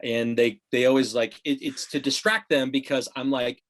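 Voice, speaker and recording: A man's voice: medium pitch, fairly even intonation, normal speed. A man hosting a podcast in casual chat, blunt and joking, with vivid analogies. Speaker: podcast host.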